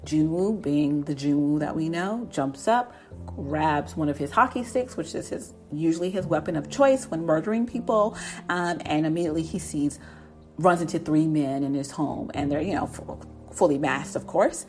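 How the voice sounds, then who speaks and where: A woman's voice: low-pitched, normal speed, a little mellow, faint music behind. A woman casually recapping a TV drama episode, chatting and laughing as she acts out the characters' lines.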